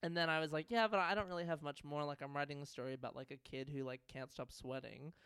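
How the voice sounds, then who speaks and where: A man's voice: a little high, steady tone, quick pace, sharp tone, smooth, no room sound. A man co-hosting a podcast in casual chat, trading crude, jokey banter. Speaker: podcast co-host.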